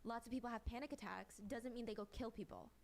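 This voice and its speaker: A woman's voice: on the high side, quick pace. A woman giving a conversational, step-by-step recap of a court case as a true-crime commentator. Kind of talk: recapping a trial to a co-host.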